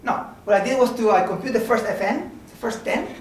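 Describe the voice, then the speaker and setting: A man's voice: high voice, brisk, slight background noise. A man giving an informal mathematics seminar lecture, talking conversationally and often checking in with "okay?" and "right?". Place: lecture room. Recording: very echoey room from a distance.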